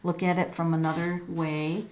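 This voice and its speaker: A woman's voice: lowish voice, little pitch movement, normal speed, a little mellow, a little hiss or hum. A middle-aged woman doing a casual tarot reading for her viewers. She thinks aloud, exclaims and gasps at the cards, and calls her viewers folks. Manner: talks straight to viewers as folks. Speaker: tarot reader and numerologist.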